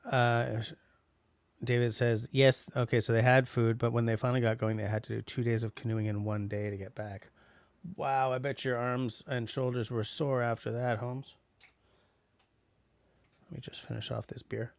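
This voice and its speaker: A middle-aged man from Canada chats loosely on his livestream, stumbling through restarts and fillers as he answers viewers. His voice sits at a middle pitch with a gravelly edge. The sound is close and dry. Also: little pitch movement, moderate pace, no echo. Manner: rambling, many restarts and fillers. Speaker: livestream host reading chat. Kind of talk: casual chat.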